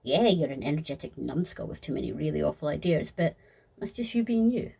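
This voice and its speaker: A woman voicing a gloomy, blunt young man who grumbles flatly in a fan audio sketch. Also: low voice, fairly quick, vocal fry, breathy edge, full character voice. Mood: grumpy.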